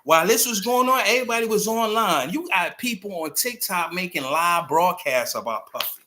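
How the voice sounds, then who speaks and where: A man giving a blunt, animated commentary monologue, emphatic and profane, at times rising to shouts. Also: high-pitched, normal speed. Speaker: host.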